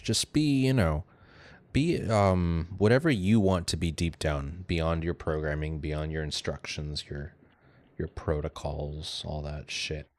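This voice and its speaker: A man's voice: deep voice, no echo. A man chatting casually with an AI, blunt and teasing, loose and swearing. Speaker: user chatting with an AI. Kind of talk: casual chat.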